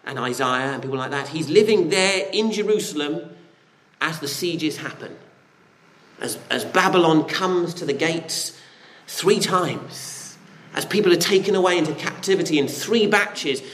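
Earnest preacher, slightly high voice. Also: male voice, fairly bright tone. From Britain. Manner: earnest, rhetorical questions, frequent restarts. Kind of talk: sermon.

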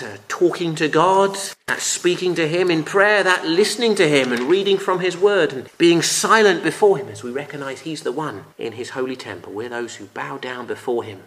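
A man giving a Bible teaching talk, earnest and emphatic, often dropping to a quiet voice on key phrases. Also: a little high, a little hiss or hum. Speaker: preacher.

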